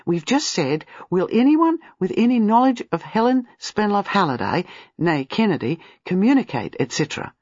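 A reader voicing an eager, excitable young newlywed woman in an audiobook. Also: medium pitch, normal speed, dry recording, dull audio, pitched above the performer's own voice. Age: young adult. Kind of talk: audiobook character voice.

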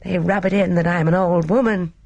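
In an audiobook, a reader voices a sweet, affectionate elderly lady, fond and gently pleading, with a soft, gentle delivery and a breathy, laughing lilt. The pitch is medium, a bit above the performer's own voice yet natural, with fairly even intonation and a slightly fast pace, and there is no echo.

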